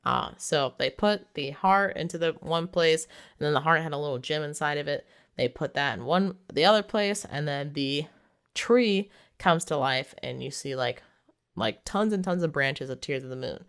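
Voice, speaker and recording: Woman, low pitch, smooth clear voice, chatty movie recap, lots of fillers. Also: expressive, moderate pace. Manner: chatty, heavy use of "like", laughs while retelling. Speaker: movie reviewer.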